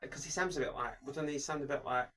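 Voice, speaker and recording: A male podcast co-host keeps things jokey, cutting in on others and breaking into impersonations, speaking fast in a sharp, mid-range voice.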